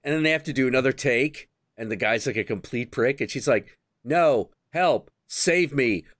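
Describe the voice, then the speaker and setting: A man hosting a stream, chatting casually and telling crude, animated stories. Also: mid-range voice, fast talker, dry recording, studio quality. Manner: animated, crude storytelling with bursts of acted quotes. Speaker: stream host. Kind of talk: casual chat.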